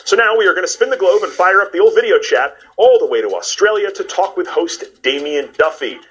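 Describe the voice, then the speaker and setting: A man's voice: high-pitched, fairly quick, breathy edge, dull audio. A man in his forties hosting a show, chatting playfully with a guest and narrating segments. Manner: playful, joking, lively delivery. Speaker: host. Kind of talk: energetic TV host chat and narration. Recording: music bed under the voice.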